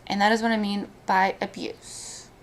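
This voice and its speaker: A woman chats on her live stream, talking through something painful. Her speech comes haltingly, full of restarts and trailing thoughts, at a moderate everyday pitch. Faint noise hums behind her. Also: level tone. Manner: emotional, halting, frequent restarts. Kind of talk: casual live-stream chat.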